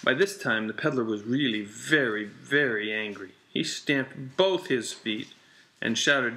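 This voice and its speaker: A man reading a children's picture book aloud with a slow, deliberate, repetitive storytelling cadence. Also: medium pitch, creaky, sharp tone, slight background noise.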